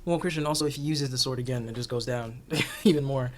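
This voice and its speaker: A man talking casually as a recurring guest on an anime discussion show, animated and joking, laughing often. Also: medium pitch, fast talker.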